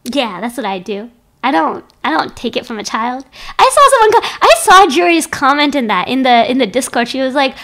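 A woman's voice: high-pitched, sing-song, a little fast, a bit bright. A young woman streaming from home into a desk microphone, chatting casually and playfully with her viewers, often giggling.

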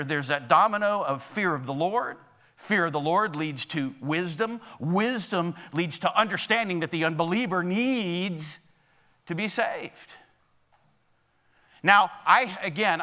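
Pastor guy preaching, kinda high bright voice, chatty, keeps asking the church "okay?". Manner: conversational preaching with frequent "okay?" and "right?" check-ins to the congregation. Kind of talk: sermon. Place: church sanctuary.

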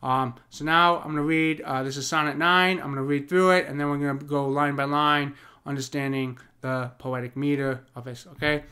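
A man teaching poetic meter in a casual, chatty way, full of ums and quick check-ins with the viewer, and reading verse slowly. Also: a little high, fairly even intonation, pushed and bright, smooth. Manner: loose and chatty, many ums and "cool, right?"; slow, deliberate reading of verse. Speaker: poetry teacher. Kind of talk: casual screen-share lesson with poem reading.

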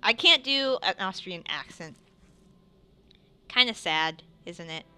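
A woman's voice: lowish voice, expressive, slow, sharp tone, clear, resonant tone, soft background music. A woman hosting a let's play, chatting playfully and reading the game's dialogue aloud. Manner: playful, reads all characters in her own voice.

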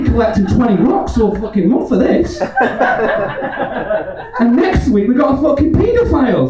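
A man's voice: very high voice, sing-song, moderate pace, pauses often, distant mic. A drunk man doing a rambling stand-up set in a comedy club, swearing constantly and laughing as he goes. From England. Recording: roomy club recorded from afar, dull, crowd laughter. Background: audience laughter.

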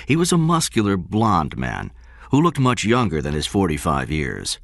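A man reading a story aloud in expressive, measured scripted narration. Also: sits low, vocal fry, no echo, clean studio sound. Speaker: audiobook narrator.

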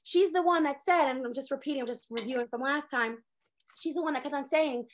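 High-voiced woman teaching a casual class. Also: fast. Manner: animated storytelling, acts out characters' lines, many "like" fillers. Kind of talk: casual online Torah class.

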